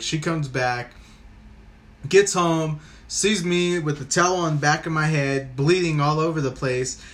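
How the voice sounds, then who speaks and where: A man's voice: a little high, fairly bright tone. A man hosting a podcast, telling a rambling story in casual chat and swearing freely. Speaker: podcast host.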